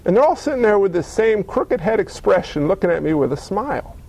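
A man preaching a sermon with comic, animated storytelling. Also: sits high, a little fast, creaky, husky, rough recording. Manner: animated, humorous. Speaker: pastor.

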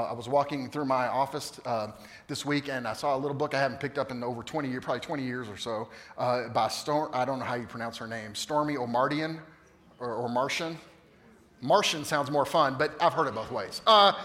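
Animated fifty-something preacher in a hall. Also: male voice, mid-range voice. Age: 50s. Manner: animated storytelling, swings from loud to hushed. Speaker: pastor. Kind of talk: sermon. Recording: long reverb of a large hall.

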